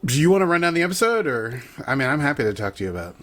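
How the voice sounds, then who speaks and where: A man's voice: medium pitch, sing-song, rapid-fire, fairly bright tone. Chatty, jokey man recapping an episode. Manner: chatty and jokey, riffing with asides. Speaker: podcast co-host. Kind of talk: casual episode recap chat.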